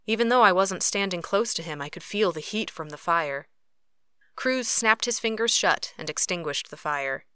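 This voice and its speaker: A woman narrating a first-person novel as an audiobook, with expressive, lively reading. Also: fairly low pitch, normal speed, clear, resonant tone, dry recording, clean studio sound.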